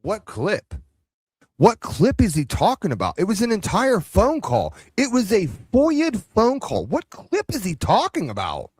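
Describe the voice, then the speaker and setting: Brief: male live-stream commentator, sarcastic and scolding, very animated pitch, dry recording. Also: a little slow, husky, no echo. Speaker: commentary channel host. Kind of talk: heated live reaction commentary.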